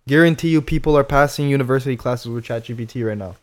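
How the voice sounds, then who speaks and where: A young man co-hosting a podcast, chatting in relaxed, slangy banter with a friend. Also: medium pitch, quick pace. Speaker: podcast co-host. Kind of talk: casual chat.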